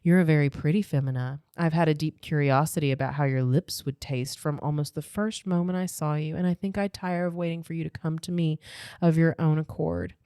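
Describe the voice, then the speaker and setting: A woman's voice: deep voice, steady tone, a little fast, warm tone, smooth, no echo, clean studio sound, lightly acted. A woman reading aloud the lines of a pushy, leering male cat-clan warrior in a romance novel, with a smug, coaxing tone.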